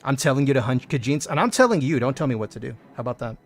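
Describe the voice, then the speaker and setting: A man's voice: medium pitch, very animated, racing. Playful man chatting on a game stream. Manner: playful, jokey, reads chat aloud. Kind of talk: casual gaming stream chat.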